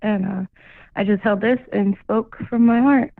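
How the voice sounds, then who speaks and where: A woman's voice: medium pitch, fairly even intonation, unhurried, creaky, no echo. A woman calling in to a radio show, telling a story casually, with lots of "like" and "you know". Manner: chatty, full of "like" and "you know". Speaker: caller. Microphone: phone. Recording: tinny phone line.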